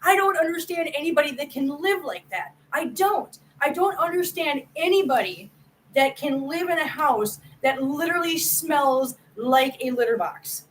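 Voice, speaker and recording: A woman's voice: high-pitched, expressive, moderate pace, a little hiss or hum, poor audio. A woman hosting a casual livestream, chatting with her viewers by name, laughing often and repeating herself for emphasis. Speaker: host of a cat channel.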